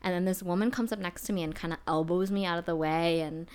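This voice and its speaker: A woman's voice: on the low side, fairly even intonation, fast talker, darkish tone, clear, resonant tone. A woman co-hosting a podcast in casual chat, chatty and self-deprecating, laughing often. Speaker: podcast co-host.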